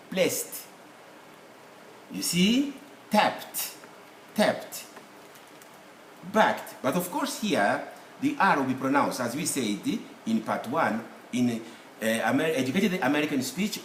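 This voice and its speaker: A man teaching English pronunciation, speaking slowly and deliberately and repeating each word for drill. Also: medium pitch, fairly bright tone. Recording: echoey room with faint ambient noise.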